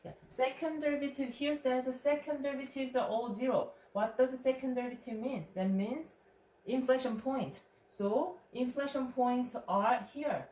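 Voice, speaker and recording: A woman's voice: high-pitched, moderate pace, a little mellow. A woman math instructor walking through a recorded lecture step by step, checking in with rhetorical questions. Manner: step-by-step explaining, frequent "right?" check-ins. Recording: echoey room with faint noise.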